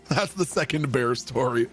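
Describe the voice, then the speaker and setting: A man streaming a game, telling stories in a casual, profane way and often breaking into laughter. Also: medium pitch. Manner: profane, laughing, swings into loud shouted impressions. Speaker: livestreamer. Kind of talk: casual storytelling while gaming.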